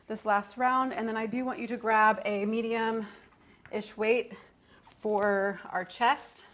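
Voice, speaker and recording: Slow and a little bright, this woman's voice sits on the high side with little pitch movement. She's a mother and fitness instructor leading a workout, counting off moves while cheering people on and chatting through personal anecdotes.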